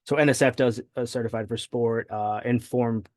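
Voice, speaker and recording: Male dietitian guest, chatty explainer, middle pitch, dry studio mic. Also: fairly even intonation, moderate pace, no echo. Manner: explanatory, with frequent "right?" tags and fillers. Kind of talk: podcast interview.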